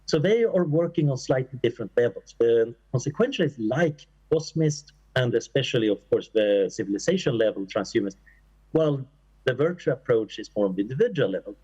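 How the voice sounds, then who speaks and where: A man's voice: medium pitch, animated, a little fast, mellow, husky, dull audio. A man answering an audience question at an academic conference, in a thoughtful, discursive way with fillers and restarts. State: coughing at times. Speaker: conference speaker.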